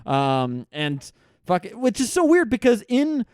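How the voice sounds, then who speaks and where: A man's voice: high voice, wildly swooping pitch, unhurried, a little mellow, clear, resonant tone, no room sound, clean studio sound. A man co-hosting a casual movie podcast, talking bluntly with frequent swearing and laughter. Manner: blunt, profane, laughs often. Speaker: podcast co-host. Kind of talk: casual movie review chat.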